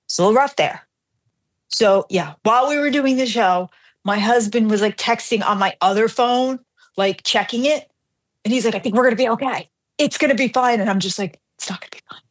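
A middle-aged woman hosting a radio show, telling a story in a casual, animated, self-deprecating way and acting out the dialogue. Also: on the high side, moderate pace.

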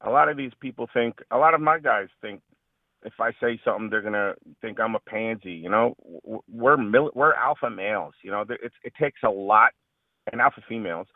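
A man, a veteran and radio guest, talking earnestly about his service, halting and restarting often. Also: fairly low pitch, no echo, narrow, tinny audio. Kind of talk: radio interview.

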